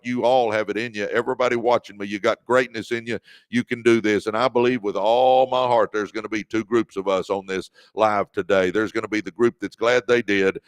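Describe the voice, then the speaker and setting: A man's voice: lowish voice, no echo. A man from Dallas hosting a live stream from his room, greeting viewers with enthusiasm and reading out their comments. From Dallas, Texas. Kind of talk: energetic live-stream greeting and motivational talk.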